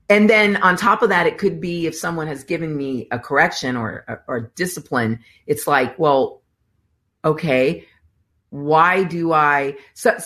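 A middle-aged woman co-hosting a faith talk show, speaking forcefully and animatedly, laughing often. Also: fairly low pitch. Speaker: co-host.

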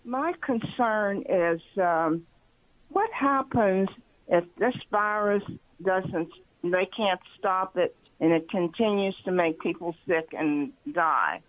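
A woman's voice: on the low side, no room sound, phone-quality sound. A woman calling in to a radio show, speaking hesitantly and with worry. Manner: hesitant, worried, slow. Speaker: caller. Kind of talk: phone call to a radio show.

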